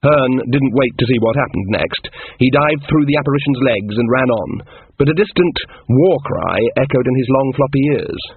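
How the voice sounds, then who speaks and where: A man reading a novel aloud as an audiobook narrator, in calm, even storytelling. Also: mid-range voice, moderate pace, breathy edge, dry recording. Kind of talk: scripted narration. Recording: tinny phone-like, dry.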